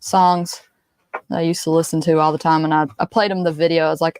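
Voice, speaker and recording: A woman's voice: low voice, little pitch movement, fast talker, darkish tone, dry recording. A woman co-hosting a casual livestream, reading out viewers' questions and chatting in an upbeat way. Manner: relays chat questions, upbeat, laughs easily. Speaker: co-host reading viewer chat.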